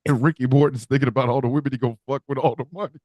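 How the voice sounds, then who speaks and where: A man's voice: mid-range voice, rapid-fire, dry recording, dull audio. A man co-hosting a comedy podcast, telling crude stories with lots of laughter. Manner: animated, profane, laughing storyteller. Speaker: podcast co-host.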